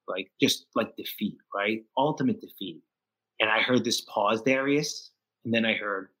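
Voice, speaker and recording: A middle-aged man guesting on a podcast, with a bright, forceful voice. He tells his story with emotional restarts and often mimics the people he quotes. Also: on the low side, moderate pace, low-quality recording. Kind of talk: candid interview storytelling.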